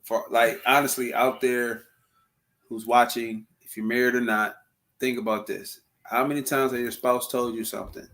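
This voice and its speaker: A man's voice: medium pitch, little pitch movement, moderate pace, fairly bright tone. A young man co-hosting a casual chat, earnest and a bit preachy, speaking to viewers and acting out what people say. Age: young adult. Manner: earnest, preachy asides to viewers, acts out quotes. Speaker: co-host.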